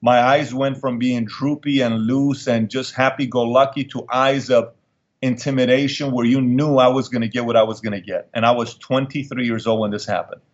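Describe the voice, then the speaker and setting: A man's voice: medium pitch, fairly even intonation, normal speed. Man, middle-aged, interview guest, emphatic storyteller, repeats for effect, muffled lo-fi sound.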